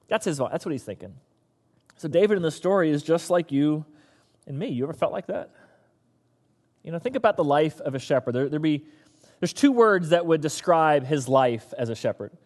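A man preaching a sermon as pastor, an animated storyteller who acts out the characters. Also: high-pitched, fast, big-room sound.

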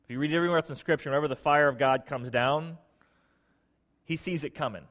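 Guy preaching a sermon, kinda high-ish voice, stumbles and repeats words, big echoey church. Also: fast. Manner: conversational preaching with frequent restarts and repeated words; swings between emphatic loud bursts and hushed asides. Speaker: pastor. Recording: long hall reverb.

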